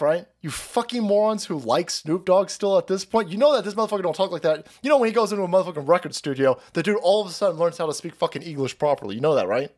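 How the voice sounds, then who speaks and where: A profane, mocking male host rants over clips on his stream. His voice sits a bit high and swings widely between peaks and low grumbles. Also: animated, quick pace, hardly any pauses, darkish tone. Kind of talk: ranting commentary on clips.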